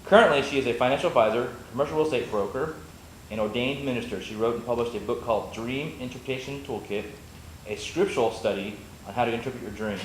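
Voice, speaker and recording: A man hosting a meetup, reading a speaker's introduction quickly, stumbling now and then and throwing in jokes. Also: medium pitch. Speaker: meetup host. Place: meeting room. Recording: echoey room with faint noise.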